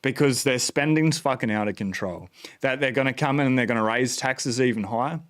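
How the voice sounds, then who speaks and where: An Australian man talking off the cuff on a livestream, fired up and swearing freely. He rambles, trails off, and circles back with lots of fillers. His voice sits at an ordinary middle pitch for a man. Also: fairly quick. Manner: excited, profane, rambling with fillers. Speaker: bitcoin channel host. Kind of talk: casual livestream rant. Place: at home.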